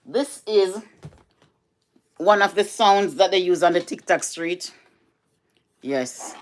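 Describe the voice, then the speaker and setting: A middle-aged Jamaican woman with a Jamaican accent and a lowish voice vlogs from home, talking slowly and casually to the camera. She's chatty, repeats herself, and slips into patois.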